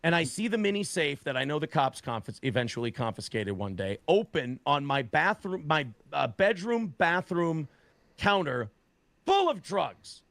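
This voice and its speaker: Man, interview guest, animated storytelling, profane, lively pitch, gravelly, dry sound. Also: moderate pace, no room sound. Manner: profane, animated retelling with voiced quotes.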